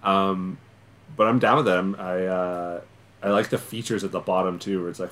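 Laid-back low-voiced man, faint hiss. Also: a little fast. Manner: laid-back, laughs, slangy. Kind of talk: casual chat.

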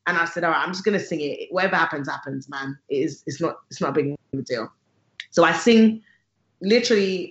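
A gospel singer tells a story in a casual conversation. The singer is lively and animated, acting out the voices of the people in the story. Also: mid-range voice, a little fast. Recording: roomy, slightly dull sound.

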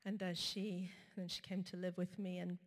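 A woman preaching a sermon, telling a personal story in a conversational way with frequent pauses and fillers. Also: lowish voice, little pitch movement. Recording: reverberant hall.

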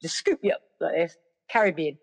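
A middle-aged woman, a podcast guest telling stories in a lively, casual way. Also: deep voice, fairly quick, gravelly. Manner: lively, acts out other people's voices. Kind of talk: casual storytelling.

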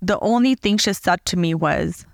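A woman's voice: lowish voice, normal speed, no room sound, studio quality. A woman hosting a podcast, telling a personal story in an earnest, heartfelt and reflective way. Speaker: podcast host.

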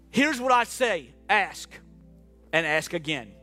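A man preaching a sermon to a congregation in the room and online, moving from quiet reflection to impassioned shouting. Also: high-pitched, very animated, slow, soft background music. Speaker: pastor. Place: church hall with live and online congregation.

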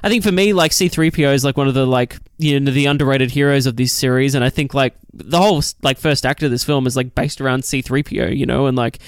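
Smooth-voiced man chatting about films. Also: mid-range voice, steady tone, fast talker, hardly any pauses, no room sound, studio quality. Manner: enthusiastic, many likes and restarts. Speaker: film podcast co-host. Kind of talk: casual film discussion.

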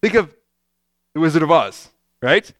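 A man with a high voice delivers a sermon as pastor, talking in a relaxed, conversational way that still hits hard, circling back to repeat his main lines. The sound is dry and close, with no room around it. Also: a little slow, dry recording.

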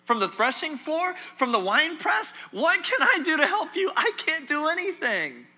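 A helpless king cries out in anguish, his voice pushed up high, sharp and bright, as a preacher acts him out. He sounds desperate and powerless in this sermon retelling. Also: very animated, moderate pace, full character voice. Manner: exclaiming in high distress. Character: despairing helpless male king.

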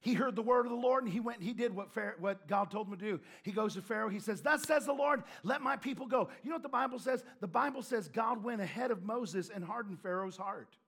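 A male preacher with a very high, husky voice delivers a lively sermon. He tells stories and now and then shouts a line for emphasis. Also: fast, few pauses. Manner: animated storytelling with shouted emphasis and laughs.

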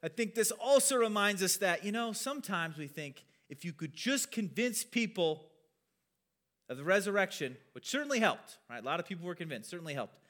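A male pastor delivers a relaxed teaching sermon, talking through scripture in a loose, conversational way and dropping self-deprecating asides. His voice sits a little high for a man. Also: fairly quick.

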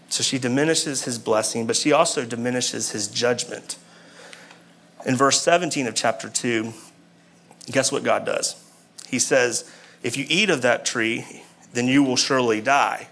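A man delivers a sermon in an easy, conversational way. He keeps asking his listeners questions as he moves through a scripture passage. His voice sits at an ordinary pitch for a man, with a faint hum of noise behind it. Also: measured pace, fairly bright tone. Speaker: preacher.

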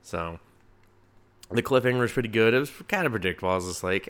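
Profane, rambling man with a lowish voice. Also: expressive, fast talker, a bit bright. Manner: profane, rambling, laughs at his own jokes. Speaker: comic book reviewer. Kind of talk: casual solo review podcast.

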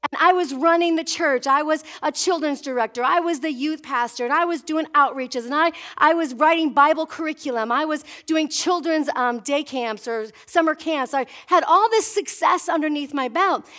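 High-voiced animated woman preacher. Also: moderate pace. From Wisconsin. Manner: animated storytelling preacher, voicing herself and God in dialogue. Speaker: pastor. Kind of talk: sermon.

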